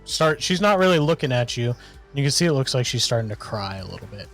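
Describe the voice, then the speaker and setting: A man's voice: medium pitch, very animated, quick pace, fairly bright tone, soft background music. A man narrating a tabletop game as game master, in a loose, hesitant way. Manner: loose, hesitant, full of restarts.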